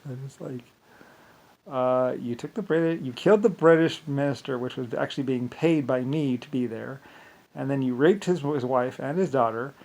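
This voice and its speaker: Gravelly man on a rambling rant. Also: medium pitch, darkish tone, low-quality recording. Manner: rambling, many restarts and fillers, scornful.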